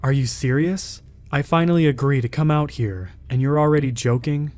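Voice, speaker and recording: A man's voice: mid-range voice, normal speed, darkish tone, soft background music, lightly acted. A man voicing a frightened young woman in a spoken horror story, anxious and complaining. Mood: uneasy.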